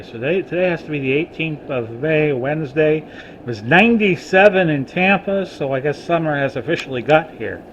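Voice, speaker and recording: A man's voice: on the high side, a little hiss or hum. An older man chatting casually to camera at home in a rambling, folksy way, often restarting his sentences and calling his viewers folks. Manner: halting, with frequent restarts. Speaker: vlogger. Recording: dull lo-fi recording.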